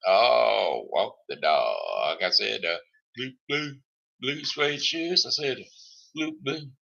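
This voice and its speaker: A man's voice: fairly low pitch, creaky, sharp tone, full character voice. A man putting on a swaggering male rock-and-roll crooner, singing with hip-shaking showmanship. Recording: dull lo-fi stream audio.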